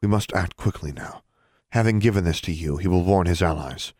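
A man's voice: low-pitched, a little fast, darkish tone, dry recording, clean studio sound. A man reading a stern woman official. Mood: cool, formal. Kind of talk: audiobook character reading.

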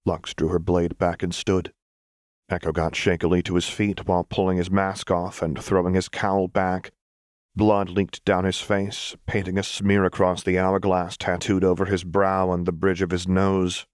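A man reading a fan-fiction story aloud as narrator, measured and even. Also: deep voice, dry recording, clean studio sound. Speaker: audiobook reader. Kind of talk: scripted narration.

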